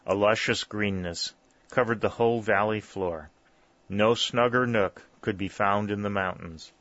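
A man narrating a story in a steady, measured reading. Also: lowish voice, no echo. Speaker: audiobook narrator. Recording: dull, lo-fi dry recording.

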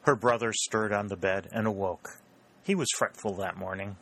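A man narrates a historical novel in a low voice, reading at a measured and even pace. His storytelling is steady and scripted, in the manner of an audiobook.

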